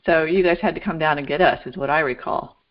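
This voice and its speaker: A woman's voice: sits low, fast talker. A woman chatting with a relative and prompting her with short questions and agreement, recorded lo-fi. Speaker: family member interviewing her mother. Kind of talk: casual conversation. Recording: dull, lo-fi recording.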